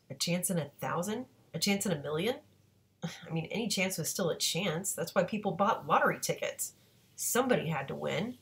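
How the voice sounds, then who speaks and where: A woman reads a novel aloud in a fairly low voice, keeping an even, steady pace. Now and then she catches a slip and corrects herself before moving on. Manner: steady reading with occasional self-corrections. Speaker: audiobook reader.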